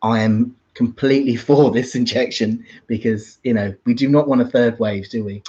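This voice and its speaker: A man's voice: mid-range voice, fairly even intonation, normal speed, warm tone. A young man hosting a casual livestream, laughing often and reading out viewer comments. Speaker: livestream host. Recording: dull lo-fi stream audio.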